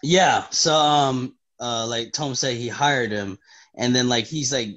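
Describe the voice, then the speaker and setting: A man co-hosting a comic book podcast, excitable and swearing often, acting out the characters' lines loudly. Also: mid-range voice, slow pace, highs cut off. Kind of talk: casual podcast chat.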